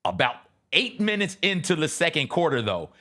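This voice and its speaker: A man's voice: on the high side, moderate pace. A man co-hosting a radio show, telling a story in casual chat with restarts. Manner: lively, animated, with frequent restarts and laughs.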